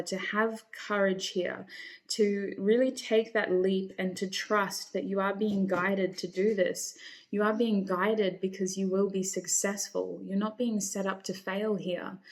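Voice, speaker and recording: A woman talks straight to her viewers as she reads their tarot cards, reassuring and encouraging them. Her voice sits at a middle pitch for a woman, and she sometimes calls her listeners honey. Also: a little mellow. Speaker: tarot reader. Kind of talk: encouraging tarot reading to camera.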